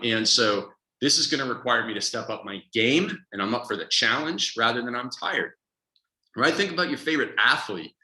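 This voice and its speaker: A man's voice: mid-range voice, roomy sound, rough recording. A man coaching on a motivational podcast, talking emphatically and acting out the voices in people's heads. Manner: energetic, emphatic, acts out inner voices. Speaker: productivity coach.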